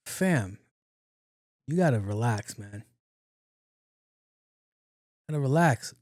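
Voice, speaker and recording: Recorded in a clean studio with no echo, a male podcast host talks alone in a mid-range, slightly mellow voice, slow but animated. He tells stories casually, using slang, lots of swearing and acted-out quotes.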